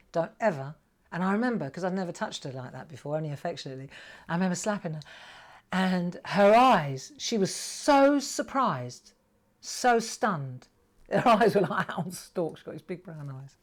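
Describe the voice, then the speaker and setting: A middle-aged woman hosting a live crafting show from home, chatting and telling a rambling story while she paints. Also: lowish voice. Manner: chatty, rambling storyteller who laughs often. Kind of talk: live crafting demonstration with chat.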